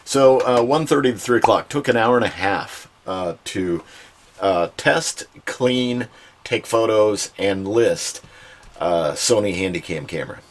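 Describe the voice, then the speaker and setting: A man's voice: on the low side, expressive, measured pace. A man hosting a casual home vlog, chatting in a folksy way with joking asides from his storage room. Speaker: online reseller and channel host.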